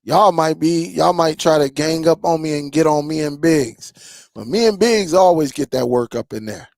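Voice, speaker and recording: A man's voice: fairly high pitch, moderate pace, vocal fry, a little mellow, no room sound, studio quality. A man hosting a streaming tech channel, chatting loosely with his viewers in a rambling way and laughing often. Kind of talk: casual livestream chat with viewers.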